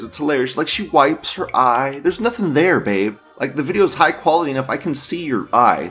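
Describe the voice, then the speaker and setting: A man's voice: medium pitch, sing-song, normal speed, few pauses, fairly bright tone, slightly rough, faint music behind. A man hosting a casual online news commentary, mocking what he shows, laughing often and reading posts aloud. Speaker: host.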